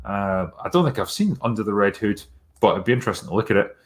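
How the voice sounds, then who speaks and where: A man's voice: fairly low pitch, animated, quick pace. A man hosting a live stream, chatting casually through viewer messages in a blunt, sarcastic way with plenty of swearing.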